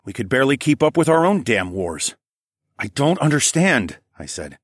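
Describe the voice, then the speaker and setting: A man narrating a novel in the first person, delivering brisk narration and pushier, raised dialogue. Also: mid-range voice, sing-song, slightly rough, no echo, clean studio sound. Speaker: audiobook narrator.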